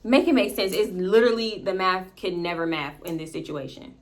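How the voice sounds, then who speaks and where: A young woman vlogger telling a story to camera, animated and profane, calling her viewers "y'all". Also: fairly low pitch, fairly quick. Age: young adult.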